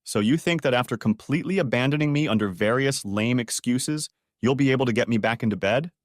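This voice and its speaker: A man's voice: mid-range voice, fairly quick, no room sound, studio quality, close to an everyday voice. A man doing a sarcastic, frustrated husband. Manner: sarcastic, exasperated questioning.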